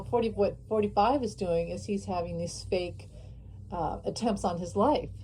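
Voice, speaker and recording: A woman's voice: medium pitch, dark tone, poor audio. A woman hosting her own channel, delivering an impassioned political monologue straight to her viewers, repeating her points for emphasis. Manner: impassioned, repetitive, addresses viewers directly. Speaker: channel host. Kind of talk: opinionated political vlog monologue.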